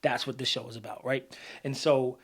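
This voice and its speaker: A man co-hosting a casual podcast, animated, swearing freely and acting out heated examples. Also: mid-range voice, brisk, husky. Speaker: podcast co-host. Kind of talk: casual conversational podcast talk.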